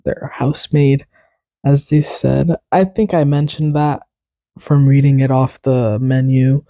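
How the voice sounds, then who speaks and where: Young male podcast host, deep-toned and dry, chatty and meandering, keeps correcting himself. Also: steady tone, measured pace, warm tone, no echo. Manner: rambling, chatty, self-correcting. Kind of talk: casual solo podcast chat.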